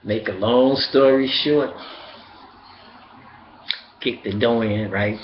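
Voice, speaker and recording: A man telling a profane, animated stand-up story that builds to loud outbursts. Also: medium pitch, takes it slowly, slight background noise. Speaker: stand-up comedian. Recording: roomy, dull sound with faint ambience.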